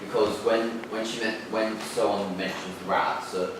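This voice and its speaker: A hesitant teenage student, a young man, offers halting feedback in a fairly low voice. He sits far from the mic in a very echoey classroom, and clear background noise runs under him. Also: little pitch movement. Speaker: drama student.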